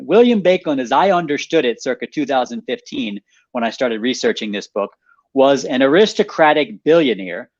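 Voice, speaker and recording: A man, an author guest in a radio interview, animated as he explains a story, restating points and laughing lightly. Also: mid-range voice, no room sound, lo-fi sound.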